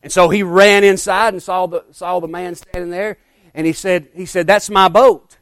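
A man preaching a sermon as pastor, repeating his phrases with emphasis, calling out "Amen", and dropping from loud to hushed. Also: sits high, flat delivery, moderate pace, clean tone, no room sound.

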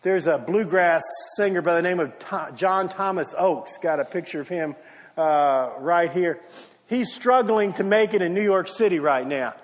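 Man, pastor, sermon storytelling, higher pitch, long reverb of a church hall. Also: moderate pace. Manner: storytelling with acted quotes and brief singing. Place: church sanctuary.

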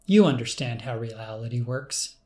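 A man reading an audiobook, voicing a calm, commanding male clone of the narrator who speaks in an assured, cryptic way. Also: mid-range voice, normal speed, natural voice.

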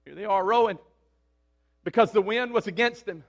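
A man's voice: high-pitched, brisk, highs cut off. A man preaching a sermon in an emphatic, conversational way, often asking his listeners questions.

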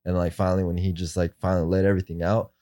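Low, dark-voiced man rambling casually. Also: flat delivery, rapid-fire, no echo. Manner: rambling, fillers and profanity. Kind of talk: casual chat.

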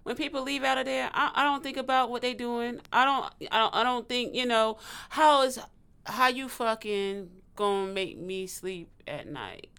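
A woman in casual chat, agreeable and quick to chime in with short replies. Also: a little high, fairly bright tone, clear, resonant tone.

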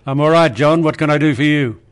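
A man playing a veteran older Australian radio host, wry and unhurried, in a comedy radio sketch. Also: on the high side, clear, resonant tone, close to an everyday voice. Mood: dry.

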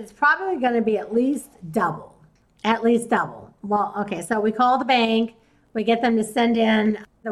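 A woman's voice: on the high side, low-quality recording. A woman, hosting a podcast and telling a story casually, acting out the people she talked to. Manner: chatty, retells conversations in quoted voices. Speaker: podcast host and real estate investor.

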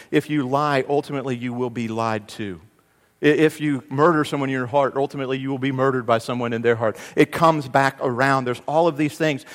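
A male pastor delivering a sermon, swinging between loud emphatic passages and hushed ones, with a conversational, self-deprecating humor. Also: medium pitch, big-room sound. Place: church sanctuary.

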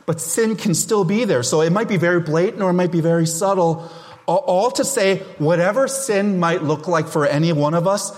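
A middle-aged man preaching a sermon as a pastor, loud and emphatic, with self-deprecating humor. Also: fairly high pitch, long reverb tail.

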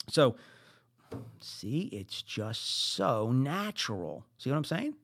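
A middle-aged man with a New Jersey accent hosting a podcast, giving business advice in an animated way with high emphatic bursts. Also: takes it slowly. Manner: animated, acts out exasperated quotes, rising into high emphatic bursts. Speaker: podcast host.

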